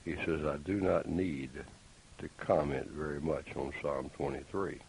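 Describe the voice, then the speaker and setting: A man preaching a sermon, deliberate and emphatic, with pointed rhetorical questions. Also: a bass voice, steady tone, vocal fry, a little mellow, poor audio. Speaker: pastor. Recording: faint hiss.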